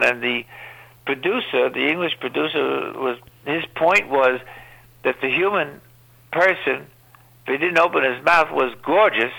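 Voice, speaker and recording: Gravelly older man telling long stories. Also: fairly high pitch, sharp tone, rough recording. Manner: rambling storyteller, many uh fillers. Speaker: guest actor. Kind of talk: anecdotal interview talk.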